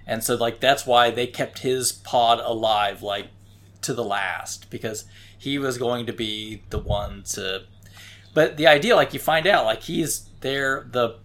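A man's voice: medium pitch, a little slow, fairly bright tone. Rambling man in casual chat. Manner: rambling, frequent "right?" tags.

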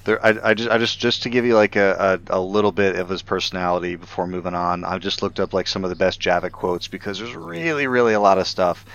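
A man's voice: sits low, fast talker, few pauses, fairly bright tone, highs cut off. A man co-hosting a casual gaming chat, enthusiastic and packed with fillers like "like". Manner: filler-heavy, enthusiastic, many restarts.

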